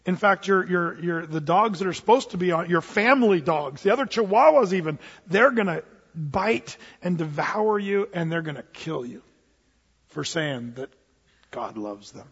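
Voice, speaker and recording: A man with a high, husky voice preaches a sermon. He tells a story and acts out both sides of the conversation. The sound is dull and lo-fi, with a long hall echo. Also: expressive, moderate pace, a bit bright.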